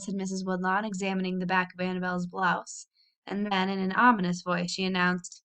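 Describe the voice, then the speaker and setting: Brief: expressive woman reader narrating a children's classic, lively storytelling. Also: mid-range voice, a little fast. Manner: expressive, animated reading with small slips. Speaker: audiobook reader. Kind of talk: reading a children's novel aloud.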